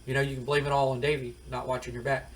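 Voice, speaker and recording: A man's voice: medium pitch, level tone, fast talker, far from the mic, close to an everyday voice. A man voicing a wrestler who taunts his brother into a tag team match. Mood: taunting. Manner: taunting, goading.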